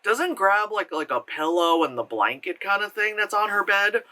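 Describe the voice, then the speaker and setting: Rambling American man, bright voice, in pain. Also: high-pitched, big pitch swings, moderate pace, poor audio. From United States. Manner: rambling, self-interrupting, sarcastic, laughs often. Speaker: movie reviewer. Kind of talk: casual rambling review.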